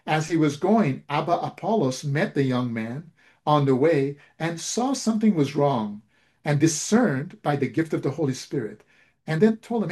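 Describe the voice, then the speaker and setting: A man's voice: fairly high pitch, expressive, moderate pace, a little mellow. A man preaching a sermon, retelling a story and acting out its dialogue, with frequent restarts.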